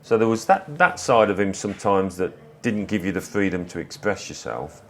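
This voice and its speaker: An English man in his fifties, a former footballer, telling stories in a relaxed interview with small restarts. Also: sits low, moderate pace, a little hiss or hum. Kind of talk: reflective conversational storytelling.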